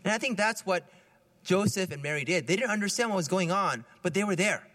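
Lively, bright-voiced preacher in a church. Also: male voice, high-pitched, a little fast, big-room sound. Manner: conversational, lively, often laughing. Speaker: priest. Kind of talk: homily.

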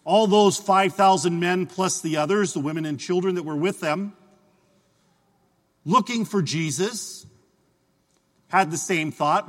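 A man's voice: high-pitched, measured pace, long pauses. A man preaching a homily as a priest, talking in a conversational storytelling way that voices people's imagined thoughts. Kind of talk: sermon. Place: church. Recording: reverberant church hall.

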